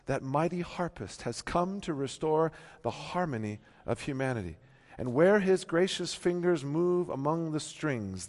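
Impassioned preaching man in a reverberant hall. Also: mid-range voice. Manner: impassioned preaching, swinging from hushed to loud emphatic peaks. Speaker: pastor. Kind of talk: sermon. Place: church.

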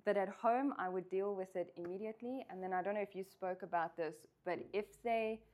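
A woman's voice: medium pitch, a little fast, darkish tone. A woman co-hosting a parenting discussion, speaking in a frank, matter-of-fact way. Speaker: co-host, parent.

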